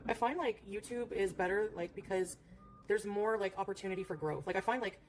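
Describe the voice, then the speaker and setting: A woman's voice: medium pitch, brisk. A woman streamer chatting casually in a rambling way, full of fillers, and cooing at her cat between remarks. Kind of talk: casual livestream chat.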